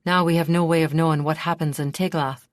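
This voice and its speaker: A woman's voice: sits low, steady tone, a little fast, dry recording, studio quality, natural voice. A woman narrator voicing a newly crowned young prince with a wry, muttering manner.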